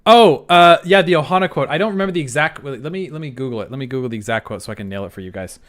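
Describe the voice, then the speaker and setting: A man's voice: mid-range voice, animated, racing, fairly bright tone. A young man streaming live, chatting casually in a self-deprecating way and often restarting his sentences. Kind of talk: casual livestream chat.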